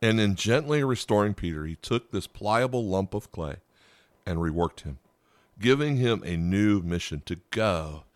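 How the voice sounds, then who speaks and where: A man's voice: fairly low pitch, lively intonation, a little slow, no echo. A man preaching a podcast sermon, earnest, repeating key phrases and asking the listener "right?". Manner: earnest, rhetorical tag questions, emphatic repetition. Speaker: pastor.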